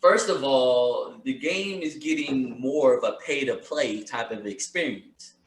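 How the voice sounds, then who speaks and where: A man co-hosting a podcast, trading lively, laughing banter in casual chat. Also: mid-range voice, a little slow, echoey room. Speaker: podcast co-host.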